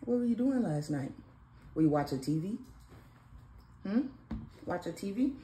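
A woman's voice: mid-range voice, animated, normal speed, dark tone. A woman and mother chatting casually and teasingly with her son at home in the morning, recorded on a phone. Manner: playful, teasing, sing-song. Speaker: mother and vlog host. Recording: echoey room, faint background noise.

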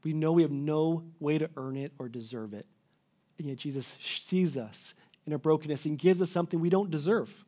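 This sermon comes from a middle-aged Canadian pastor whose pleading, earnest delivery sometimes stops and starts over mid-phrase. He talks fairly quickly in a warm, mellow voice pitched a little high.

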